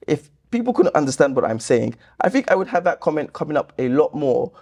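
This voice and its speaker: A man hosting his channel, reading viewer comments aloud and answering them with sarcastic exasperation. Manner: exasperated, sarcastic, lively pitch jumps. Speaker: YouTube host reacting to comments.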